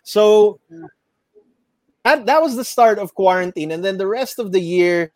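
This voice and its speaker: Filipino male host, high voice, loose rambling talk, dry sound. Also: measured pace, a little mellow, no room sound. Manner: rambling, self-correcting, mixes Tagalog into English. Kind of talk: casual chat.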